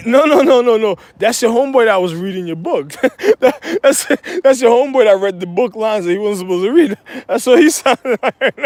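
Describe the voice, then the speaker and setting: A man's voice: extremely high pitch, animated, normal speed, few pauses, darkish tone, dry recording. A man telling rambling stories in a casual monologue, laughing through his words and repeating himself. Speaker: storyteller.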